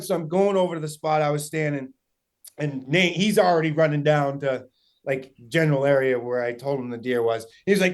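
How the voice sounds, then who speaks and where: Excitable young New England man. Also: on the high side, fairly quick, noisy background. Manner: excited rambling with many fillers and swearing. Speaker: guest hunter. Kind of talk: casual storytelling.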